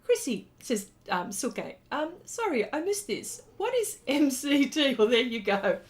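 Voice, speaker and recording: A woman's voice: high voice, sing-song, measured pace. A middle-aged woman artist hosting a livestream, reading viewers' comments aloud and chatting back with lots of fillers. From lives in Texas. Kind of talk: casual livestream chat while drawing.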